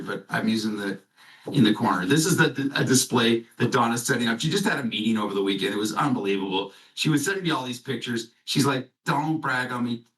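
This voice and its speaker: A man's voice: medium pitch, fairly bright tone, far from the mic, rough recording. A man hosting a company conference call, telling rambling stories and joking as he introduces a guest. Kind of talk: casual conference call chat.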